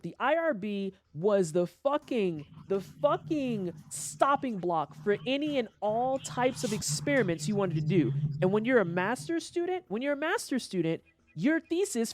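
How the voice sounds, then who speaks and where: A woman's voice: medium pitch, a little mellow. A young woman streaming a game, ranting with heavy profanity and exasperation. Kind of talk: casual gameplay commentary.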